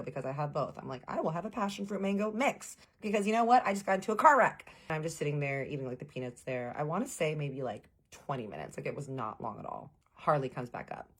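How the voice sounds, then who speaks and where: A woman telling a casual storytime to viewers, animated and acting out the quoted lines. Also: rumbling low. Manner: addresses viewers as "y'all".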